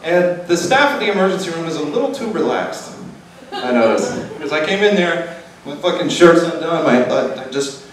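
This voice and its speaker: A man's voice: fairly high pitch, animated, moderate pace. A young man doing a self-deprecating stand-up routine at an open mic night in a restaurant bar. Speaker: stand-up comedian. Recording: echoey room, distant mic, background noise.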